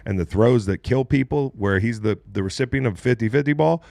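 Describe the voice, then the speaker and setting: A man hosting a casual sports talk show, animated and loose, with plenty of slang and the odd swear. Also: mid-range voice, brisk, creaky, no room sound, studio quality. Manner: animated, swears casually, says "bro" and "dude". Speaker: podcast host, former NFL player.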